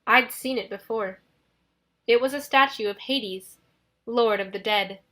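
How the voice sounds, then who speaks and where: A woman reads a first-person audiobook with steady, dramatic storytelling. Her voice is fairly high and bright, with a forceful edge. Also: unhurried. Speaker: audiobook narrator.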